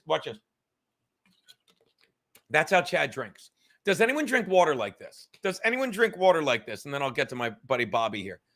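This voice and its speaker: A man's voice: high-pitched, a bit bright. A man hosting a podcast, ranting heatedly and swearing constantly while reading out chat comments. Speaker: podcast host.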